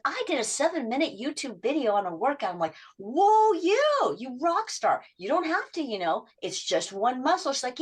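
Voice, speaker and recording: A middle-aged woman habit coach in a podcast interview, telling client stories and acting out their quotes in lively voice shifts. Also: on the high side.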